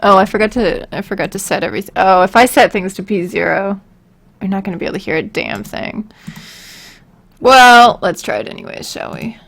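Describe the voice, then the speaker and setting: A woman's voice: medium pitch, expressive, a little fast, gravelly, a bit bright. A woman on a casual live stream who mutters to herself while she works and answers chat questions. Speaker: voicebank creator streaming.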